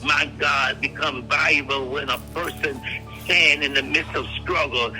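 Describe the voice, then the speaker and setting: A man preaching a fervent prophetic prayer, repeating words and phrases and swinging from hushed tones to shouts. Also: fairly high pitch, fairly even intonation, a little slow, faint music behind, low-quality recording.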